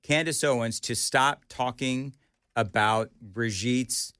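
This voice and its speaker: A man hosting a morning talk radio show, bantering and joking with his co-host in an animated way. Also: medium pitch, smooth, dry recording, clean studio sound. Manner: animated, joking, quick back-and-forth. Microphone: studio microphone.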